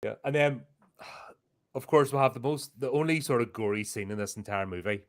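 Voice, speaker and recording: A man with a mid-pitched, everyday voice co-hosts a horror podcast. He chats in a wry, easygoing way and likes to tell things at length. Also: moderate pace. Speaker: podcast co-host. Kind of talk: casual chat.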